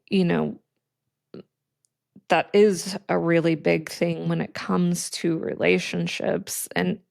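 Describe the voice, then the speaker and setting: A woman co-hosting a podcast, talking in a slow, thoughtful, reflective way in casual chat. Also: on the low side, creaky, darkish tone, dry recording, studio quality. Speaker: podcast co-host.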